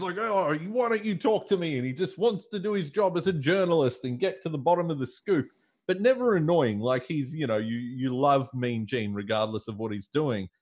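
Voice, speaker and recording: A man co-hosting a relaxed podcast conversation. He keeps slipping in jokes and laughs through his remarks, with an easy, conversational delivery. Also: mid-range voice. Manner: laughing, joking asides. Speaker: podcast co-host. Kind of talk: casual chat.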